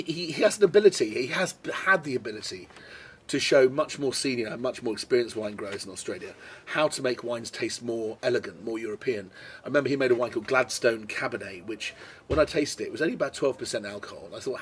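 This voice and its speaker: A man's voice: medium pitch, a little hiss or hum. A British man presenting a casual wine tasting on camera, chatty and enthusiastic as he tastes and comments. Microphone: camera mic.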